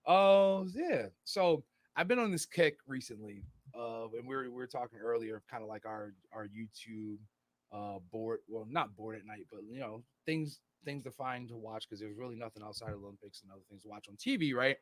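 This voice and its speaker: A man's voice: mid-range voice, moderate pace. A man co-hosting a podcast in casual chat, rambling and swearing freely. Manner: rambling, profane, slips into put-on voices. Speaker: podcast co-host.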